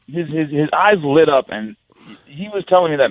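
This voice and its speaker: A man's voice: on the high side, big pitch swings, a little fast, no room sound, narrow, tinny audio. A man speaking as a guest fighter on a podcast, telling stories bluntly and profanely and acting out what people said. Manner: blunt, profane storyteller who acts out quotes. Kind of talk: casual podcast chat.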